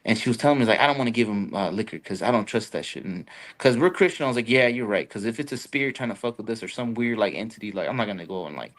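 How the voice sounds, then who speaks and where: Casting: young man, podcast host, loose, profane storyteller who jumps into high voices for quotes. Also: animated, very fast, fairly bright tone. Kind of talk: casual storytelling chat.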